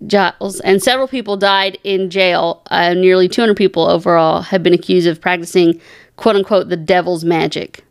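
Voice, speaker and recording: A woman's voice: fairly low pitch, fairly even intonation, moderate pace, clear, resonant tone. A woman from Eastern Kentucky co-hosting a casual podcast, reading facts from notes with small stumbles. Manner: laid-back, reads facts with small stumbles. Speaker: podcast co-host.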